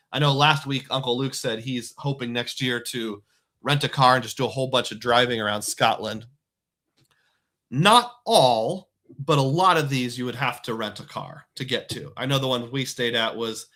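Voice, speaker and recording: A man's voice: mid-range voice, bright, forceful tone. A middle-aged man hosting a casual live stream, chatting loosely and reading viewer comments aloud. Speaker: livestream host.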